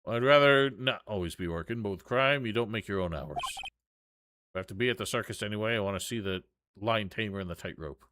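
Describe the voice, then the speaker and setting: A man's voice: on the low side, a little fast, sharp tone, slight background noise. A man voicing a world-weary, grumbling male police detective, with game music underneath.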